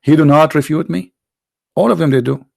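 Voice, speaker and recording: Hoarse gravelly guy running a live debate stream, mocking and taunting, dry close sound. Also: on the high side, a little fast, dry recording. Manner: mocking, taunting, full of rhetorical questions. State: hoarse, losing his voice. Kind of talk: combative religious polemic commentary.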